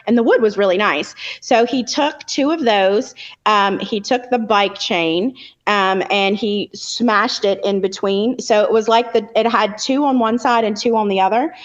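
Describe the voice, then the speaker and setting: A woman's voice: medium pitch, unhurried. Woman guest on a craft podcast, rambly storytelling, kinda dull lo-fi sound. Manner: chatty storyteller, many ums and likes. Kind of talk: casual chat.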